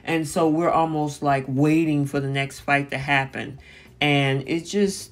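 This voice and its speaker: A host giving a casual spoken recap of a reality TV episode, paraphrasing what the cast said and filling pauses with "um" and "you know". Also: medium pitch. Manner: chatty, paraphrasing with frequent fillers.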